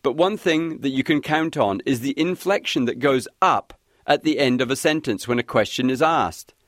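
A man hosting a scripted language lesson, guiding listeners clearly and encouragingly. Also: mid-range voice, moderate pace, fairly bright tone, no room sound, clean studio sound. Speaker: language teacher host.

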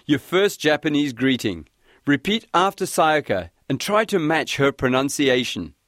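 A man hosting a scripted language lesson, guiding listeners clearly and encouragingly. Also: a little high, sing-song, a little slow, a bit bright, no room sound, studio quality. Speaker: language teacher host.

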